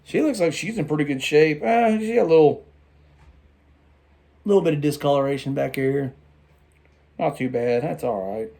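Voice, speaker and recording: A tired man rambling through a casual toy review vlog late at night, halting and restarting his sentences. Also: fairly high pitch, gravelly, a little mellow. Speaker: toy collector vlogger.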